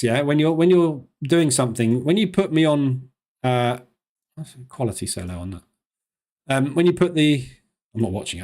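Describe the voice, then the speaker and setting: A man hosting a live trading stream, talking fast in a chatty, loose way with plenty of fillers. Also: medium pitch, a little mellow.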